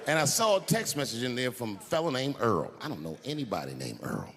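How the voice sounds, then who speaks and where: A middle-aged man doing stand-up on a theater stage, telling stories animatedly and shouting some punchlines. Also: medium pitch, brisk, vocal fry. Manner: animated storytelling, swings to loud shouted punchlines. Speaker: stand-up comedian. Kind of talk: stand-up comedy routine. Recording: big hall, loud crowd and noise. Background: audience laughter and applause.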